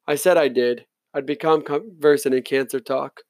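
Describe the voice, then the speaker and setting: A man reading an audiobook in steady, first-person narration. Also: mid-range voice, fairly quick, hardly any pauses, no room sound.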